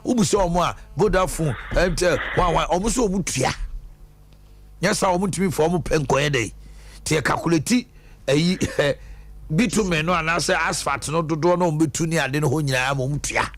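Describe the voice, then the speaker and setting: A Ghanaian man hosting a phone-in radio show, talking in a lively back-and-forth with callers in a studio. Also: fairly high pitch, moderate pace. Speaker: radio host taking callers.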